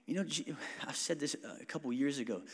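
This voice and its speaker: A male pastor preaching a sermon to his congregation, calling for amens and moving between loud preaching and quiet prayer. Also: medium pitch, fairly quick, husky, in a large hall. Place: church sanctuary.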